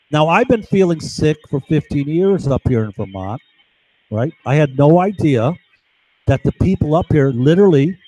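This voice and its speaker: Agitated man rambling, slightly high voice. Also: mellow, no echo, poor audio. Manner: agitated, digressive, many restarts and "right?" tags. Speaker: vlogger. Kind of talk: rambling monologue to camera. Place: home.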